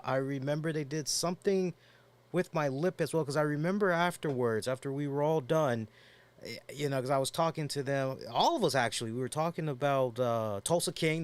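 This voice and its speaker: A male podcast host talks in an easygoing, rambling way, full of fillers and restarts. His pitch sits in the middle range for a man. He is nursing a headache but keeps the chat going. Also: smooth. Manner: rambling storyteller with frequent fillers and laughs. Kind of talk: casual chat.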